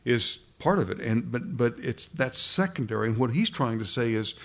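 A man's voice: mid-range voice, animated, normal speed, fairly bright tone. Conversational man preaching a sermon. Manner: conversational preaching with frequent restarts and rhetorical questions. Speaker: pastor.

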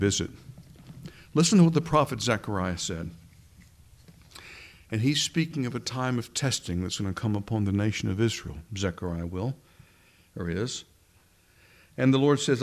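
A man preaching a sermon in a conversational teaching manner, asking his listeners questions as he goes. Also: medium pitch.

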